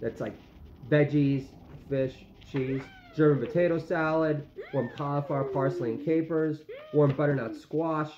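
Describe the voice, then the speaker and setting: A vlogger dad in his forties goes on a comic, rambling rant about his food, mocking himself and packing in lots of fillers. His voice sits a little high, with a darkish tone and an unhurried pace. The recording is dull and lo-fi, made in an echoey room.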